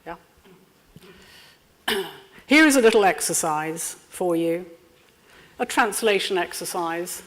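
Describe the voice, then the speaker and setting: A woman leading an interactive training workshop, lively and constantly checking in with her audience. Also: fairly low pitch, takes it slowly, long pauses. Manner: lively, checks in with frequent "yeah?". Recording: lecture room with long reverb.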